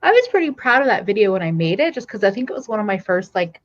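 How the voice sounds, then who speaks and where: A woman's voice: medium pitch, sing-song, quick pace. Easygoing woman on dull lo-fi audio. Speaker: beauty youtuber, co-host. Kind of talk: casual livestream chat.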